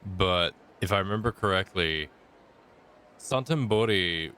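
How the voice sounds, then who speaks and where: A man's voice: low-pitched, lively intonation, a little slow, sharp tone, clean tone. A man streaming a game, chatting casually with lots of fillers and restarts. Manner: rambling, filler-heavy chat. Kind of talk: casual gaming commentary.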